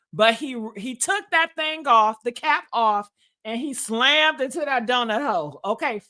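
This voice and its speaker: Sassy high bright-voiced woman gossiping. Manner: sassy, dramatic, laughs often, addresses viewers as honey and y'all. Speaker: gossip show host. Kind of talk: casual gossip commentary.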